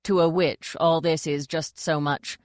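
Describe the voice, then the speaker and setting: A woman's voice: low voice, fairly even intonation, measured pace, no room sound, clean studio sound. A woman voicing a courtly ghost king. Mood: formal. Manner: formal, courteous. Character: formal, polite ghost of a male king.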